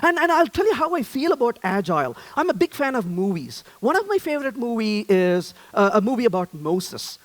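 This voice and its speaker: A man's voice: very high-pitched, very animated, brisk, few pauses. A man giving a conference talk on stage, joking and asking the audience questions. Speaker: conference speaker.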